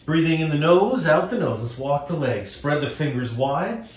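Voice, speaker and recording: A man's voice: a little high, lively intonation, normal speed, echoey room. A man teaching a guided yoga class, cueing breath and poses and joking between them. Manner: playful, cues breathing and poses. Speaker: yoga instructor. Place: indoor room before a green screen.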